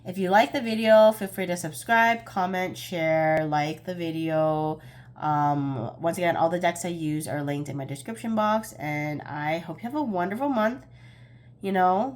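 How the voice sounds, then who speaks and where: A woman's voice: lowish voice, unhurried. A young woman giving a casual pick-a-card tarot reading, chatty and a bit scattered, often laughing at herself.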